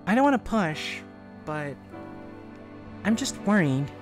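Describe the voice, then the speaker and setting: A man voicing a worried, gentle young woman who stammers softly, over faint game music. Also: sits high, big pitch swings, slow pace, full character voice. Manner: hesitant, stammering and soft.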